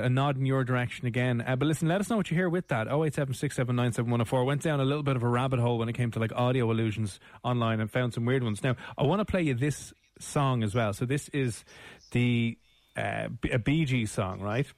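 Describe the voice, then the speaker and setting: A man's voice: medium pitch, quick pace, a little mellow, dry recording. An Irish man hosting a radio show, chatting casually with lots of fillers and restarts. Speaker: radio host. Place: radio studio. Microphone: studio mic.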